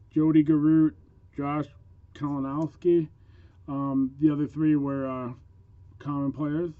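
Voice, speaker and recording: Casual reseller vlogger, a man with hard-of-hearing speech and a cold, unhurried and dry-miked. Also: a little high, clear, resonant tone, no echo, phone-quality sound. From Minnesota, USA. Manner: chatty, with frequent ums and small laughs. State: voice rough from a cold. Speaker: eBay reseller. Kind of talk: casual sales vlog.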